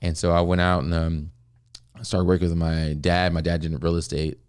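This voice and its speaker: A man's voice: deep voice, little pitch movement, normal speed, a little mellow, clean tone, dry recording, studio quality. A man from the US, a guest comedian, telling stories in a casual podcast chat with a laid-back, rambling manner and lots of filler words. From United States.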